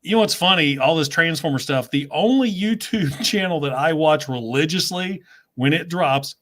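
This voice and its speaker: A chatty man with a Southern US accent, hosting a loose, casual conversation. His voice sits a touch higher than most men's, and he tells his stories quickly with frequent laughs. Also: fairly bright tone. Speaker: host. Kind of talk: casual livestream chat.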